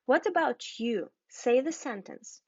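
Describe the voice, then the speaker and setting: A woman teaching an English lesson, spelling out and repeating words slowly and carefully for learners. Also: high-pitched, lively intonation, breathy edge, no room sound, lo-fi sound.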